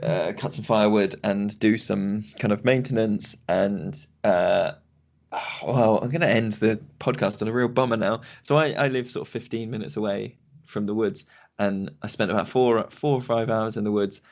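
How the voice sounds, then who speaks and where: A man co-hosting a podcast, talking in a reflective, halting way in casual chat. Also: on the low side, vocal fry, darkish tone, lo-fi sound. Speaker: podcast co-host.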